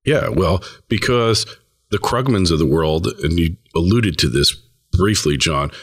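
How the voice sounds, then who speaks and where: A man's voice: sits low, lively intonation, unhurried, breathy edge, dry recording, studio quality. A man hosting a casual interview, talking in an emphatic, conversational way. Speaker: host.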